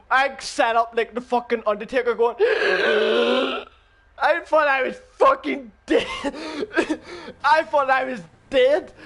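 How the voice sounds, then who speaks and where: A man telling a story in a casual, profane, animated way while gaming with friends. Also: extremely high pitch.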